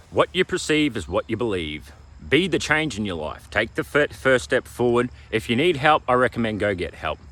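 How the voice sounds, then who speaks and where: Preachy Australian man, lively pitch. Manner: emphatic and preachy, repeats slogans, keeps asking "all right?". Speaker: motivational vlogger. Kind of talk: motivational self-help monologue.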